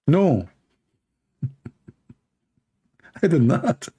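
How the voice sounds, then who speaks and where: A man hosting a debate livestream in non-native English, hoarse and coughing as he argues through rhetorical questions. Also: a little high, very animated, extremely slow, warm tone, a little hiss or hum. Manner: argumentative, fires rhetorical questions. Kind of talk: live stream Q&A monologue.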